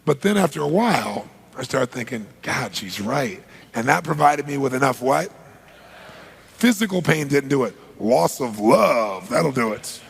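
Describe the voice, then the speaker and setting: A motivational speaker tells stories energetically to a live audience, acting out the dialogue and throwing questions back at the crowd. His voice is gravelly and husky, slightly higher than most men's. It rings through a large seminar hall with a long reverb. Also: lively intonation, normal speed.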